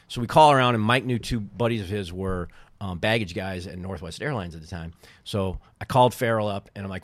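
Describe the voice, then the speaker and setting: Middle-aged man as podcast guest, a lively raconteur with a lowish voice recorded close and dry. He slips into the voices of the people in his stories and laughs easily. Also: fast talker, no room sound. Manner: animated storyteller, acts out quoted people, laughs often. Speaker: podcast guest, former baseball team co-owner. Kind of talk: casual storytelling chat.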